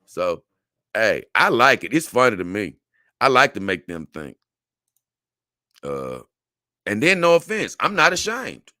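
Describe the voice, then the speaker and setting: Lively, forceful man hosting a casual talk show. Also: lowish voice, unhurried, long pauses, no room sound, studio quality. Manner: rambling, repeats words, stammers on restarts. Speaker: show host. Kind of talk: casual talk show, reading viewer comments.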